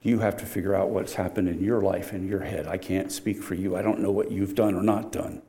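An older man preaching a sermon in a conversational way, with sudden loud, emphatic rises. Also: low voice, fairly even intonation, brisk.

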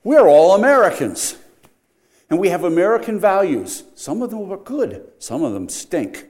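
Very animated and high-voiced, an older pastor preaches at normal speed. His sermon carries wry humor and lurches between loud emphasis and hushed, earnest moments.

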